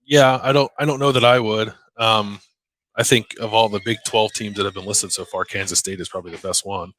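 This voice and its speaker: A man co-hosting a casual sports podcast, chatty and quick to laugh, with lots of fillers. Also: on the low side, fairly even intonation, fairly bright tone. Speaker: podcast co-host.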